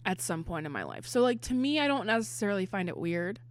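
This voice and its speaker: A woman's voice: mid-range voice, big pitch swings, fast talker. Chatty young woman, frank and casual. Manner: chatty, frank, laughs often, many "like" fillers. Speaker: podcast co-host reviewing a cartoon. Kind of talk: casual chat.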